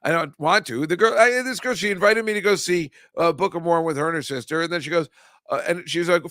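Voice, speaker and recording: An older man hosts a casual chat. He rants and rambles, pokes fun at himself, and his voice sits a bit high and sounds bright. The recording is dry and close, with little room sound. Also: quick pace, no echo. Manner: ranting, rambling, self-mocking. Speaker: host. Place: comedy club studio.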